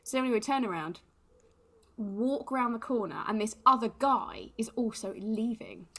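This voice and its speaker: Lively English woman telling a story. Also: fairly high pitch, normal speed. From England. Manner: animated, laughs often, acts out quotes. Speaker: podcast co-host. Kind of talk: casual storytelling chat.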